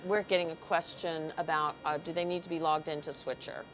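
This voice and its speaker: A woman's voice: deep voice, fairly even intonation, a little fast, faint music behind, rough recording. A woman commentating a cattle show livestream in an arena, chatting, greeting viewers and stumbling over names. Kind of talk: live commentary.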